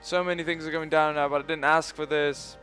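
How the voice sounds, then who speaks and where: A man's voice: fairly high pitch, little pitch movement, brisk, fairly bright tone, soft background music. A young man commentating his own strategy game playthrough, rambling and swearing often. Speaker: let's play host. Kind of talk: gaming commentary.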